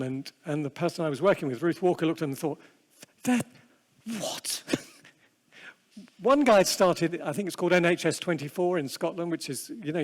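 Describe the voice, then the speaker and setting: A male seminar speaker who opens with a quiet prayer and then gives a conversational, self-deprecating talk full of asides. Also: a little high. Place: large convention hall. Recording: long hall reverb.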